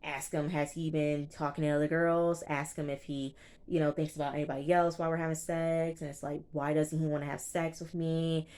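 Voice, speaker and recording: A young woman with a low voice chats through a reality show recap. She retells each scene in a loose, animated way and acts out what the people said. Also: brisk, smooth. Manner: chatty, animated retelling with quoted reactions. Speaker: TV show reviewer. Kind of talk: casual recap commentary.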